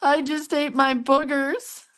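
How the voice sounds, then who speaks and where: A giggly, cheeky little boy with a high, sing-song voice, as an older woman puts him on. He sounds curious and playful. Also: level tone, takes it slowly, fairly bright tone.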